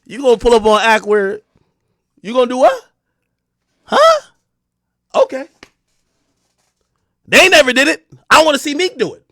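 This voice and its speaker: A man's voice: normal speed, pauses often, dry recording, clean studio sound. Taunting man ranting on a livestream. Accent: New Jersey. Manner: taunting, confrontational, swings between loud and low. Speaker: livestream host. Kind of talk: heated livestream rant. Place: home streaming room.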